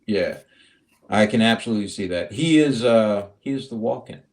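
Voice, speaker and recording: Podcast co-host, male, animated pitch, emphatic and playful in banter. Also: moderate pace. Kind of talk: casual chat.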